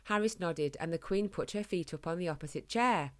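Lower-voiced woman reading a storybook. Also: a little fast.

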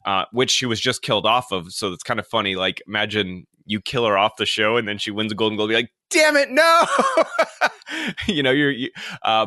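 A man chats casually as a co-host, recapping and rambling with fillers. His voice sits a little low and comes across bright and forceful, recorded dry and close. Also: dry recording. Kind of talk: casual chat.

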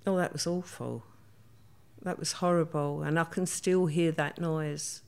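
Older woman, low voice, plain-spoken, acts out the dialogue. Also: fairly even intonation, a little slow, creaky, a little mellow. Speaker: interview guest. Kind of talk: storytelling in an interview.

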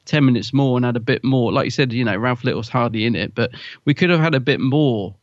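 A podcast co-host chats casually, rambling and filling his speech with lots of fillers. His voice is medium in pitch and fast, and the recording sounds dry and muffled.

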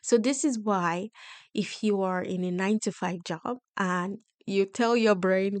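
A woman's voice: mid-range voice, moderate pace, clean tone, no echo. A woman hosting a coaching podcast, teaching in an explanatory monologue and checking in with listeners often. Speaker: podcast host and wealth coach.

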